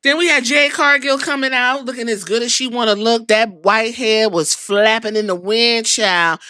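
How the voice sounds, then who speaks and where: A woman podcast host giving a sassy, animated wrestling recap with slang. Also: fairly high pitch, moderate pace, clear, resonant tone, no echo, studio quality.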